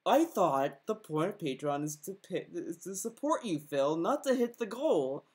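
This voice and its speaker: A man's voice: high-pitched, expressive, unhurried, darkish tone, husky. A man giving angry, sarcastic commentary over a video, swearing constantly and mocking the person in it.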